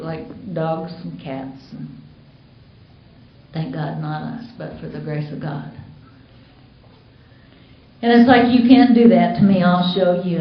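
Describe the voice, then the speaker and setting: A woman from the United States sharing her story at a recovery meeting, candid and storytelling, acting out quoted dialogue. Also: deep voice. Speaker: Al-Anon speaker. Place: meeting hall. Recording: roomy dull conference recording.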